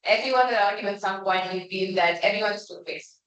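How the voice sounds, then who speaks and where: A woman's voice: medium pitch, brisk, a bit bright, lo-fi sound. Young woman, speech evaluator, frank and conversational, distant mic, roomy echo. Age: young adult. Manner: frank, conversational, with frequent restarts. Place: club meeting room. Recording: echoey room, voice from far off.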